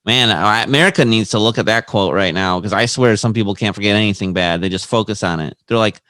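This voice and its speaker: A man's voice: on the low side, fast, few pauses, a bit bright, dry recording. A man co-hosting a casual podcast, reading quotes aloud and laughing between them. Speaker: podcast co-host.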